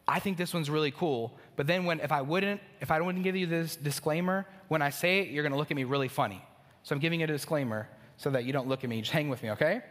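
A man's voice: high voice, a bit bright. A man preaching a conversational sermon to a congregation, with asides to the room. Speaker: pastor. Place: church sanctuary. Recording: long hall reverb.

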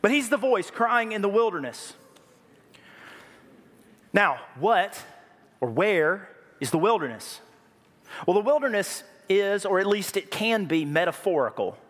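A man preaching a sermon, lively and joking, with a habit of repeating key phrases. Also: sits high, unhurried, pauses often. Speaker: pastor. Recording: reverberant hall.

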